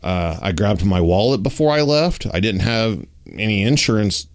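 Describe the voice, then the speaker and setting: A man telling a personal story in casual chat, acting out the dialogue and talking with lots of fillers. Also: moderate pace. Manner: animated, acts out dialogue with raised pitch; uses many fillers like "like" and "you know".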